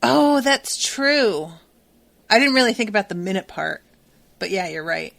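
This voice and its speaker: A woman's voice: medium pitch, unhurried, creaky. Chatty woman recapping an episode. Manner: animated retelling with acted-out quotes, laughs often. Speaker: podcast co-host. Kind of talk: casual chat recapping a TV episode.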